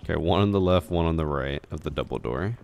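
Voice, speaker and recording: A man's voice: rumbling low, fast talker, background noise. A man streaming a shooter game, talking in a laid-back, joking way with his co-player. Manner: laid-back, laughing, self-deprecating. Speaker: gaming streamer. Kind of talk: casual gameplay chat.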